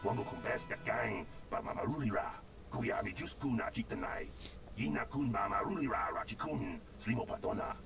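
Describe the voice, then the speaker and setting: An actor voicing an alien creature that chatters in a made-up alien language, in a rhythmic, burbling babble. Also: male voice, on the low side, expressive, brisk, gravelly. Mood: chattering. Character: alien creature speaking an alien tongue. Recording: distant voice under loud game music.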